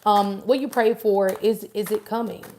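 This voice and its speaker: A woman's voice: mid-range voice, steady tone, normal speed, background noise. A woman giving a live-stream tarot reading, chatting casually and affectionately with viewers by name and answering their questions. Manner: chatty, warm, affirming, addresses viewers directly. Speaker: tarot reader.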